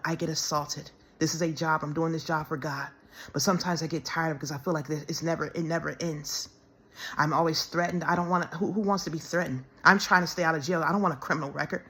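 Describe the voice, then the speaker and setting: A woman speaking in an emotional personal monologue, halting and repeating words, close to tears as she pleads. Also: medium pitch, fairly bright tone. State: tearful, close to crying. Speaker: self-described minister.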